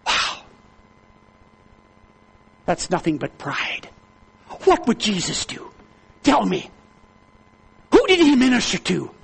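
A man preaching a sermon to a congregation, calling for amens, swinging between loud high exhortation and low hushed storytelling. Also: wildly swooping pitch, takes it slowly, gravelly, pauses often, breathy edge. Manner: calls for amens, reads aloud to the congregation.

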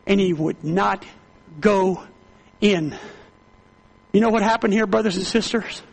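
A man preaching a sermon with fervent, repetitive delivery that climbs into loud, high-pitched exclamations. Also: unhurried, creaky, rough recording.

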